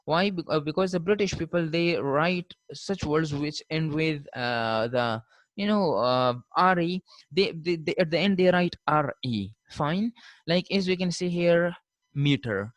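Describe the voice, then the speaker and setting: A man giving a classroom lecture on spelling, pausing with "uh" and repeating "fine" as he spells out letters. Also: a little high, animated, no echo, poor audio. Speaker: linguistics lecturer.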